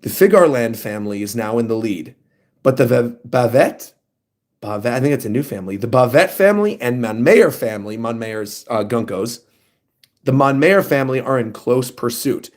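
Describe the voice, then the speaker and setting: A man streaming a casual manga reaction, reading panels aloud and commenting in an excitable, animated way. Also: mid-range voice, moderate pace. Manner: excitable, animated, reads lines in funny voices.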